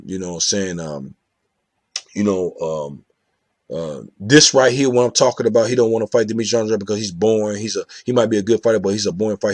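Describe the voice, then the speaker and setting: A man's voice: fairly low pitch, no echo, studio quality. A man hosting his own boxing commentary channel, talking casually to viewers in a rambling way, with many restarts and the repeated filler "you know what I'm saying", and asking viewers for their opinions. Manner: talks straight to viewers, asks for their opinion.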